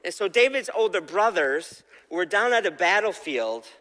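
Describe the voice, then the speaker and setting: A man with a slightly high voice gives a relaxed sermon, retelling a scripture story as if chatting with friends. He keeps asking his listeners questions. The sound rings with a long hall reverb. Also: normal speed. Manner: conversational, asks the audience questions, acts out quoted voices. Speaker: preacher.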